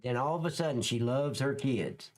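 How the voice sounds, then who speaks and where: A man's voice: mid-range voice, expressive, moderate pace. A man, a former police officer, giving blunt, profane commentary over clips in a casual livestream, dragging out words for emphasis.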